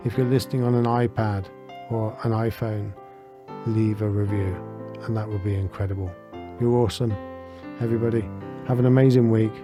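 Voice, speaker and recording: A middle-aged man hosting a reflective podcast, talking in an earnest, gentle and heartfelt way, chuckling often. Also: fairly low pitch, fairly even intonation, a little fast, long pauses, over music. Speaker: podcast host and spiritual teacher.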